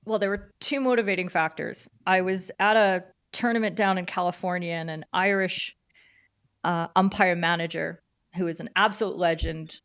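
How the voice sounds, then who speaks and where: Animated middle-aged woman telling stories. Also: fairly low pitch. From Canada. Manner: animated storyteller who acts out quoted dialogue. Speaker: podcast guest, field hockey umpire. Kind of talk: casual interview storytelling.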